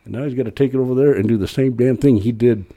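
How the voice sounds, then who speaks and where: A middle-aged man, a podcast guest, telling a long rambling story in a casual, animated way with frequent restarts. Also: medium pitch, rapid-fire, a little hiss or hum.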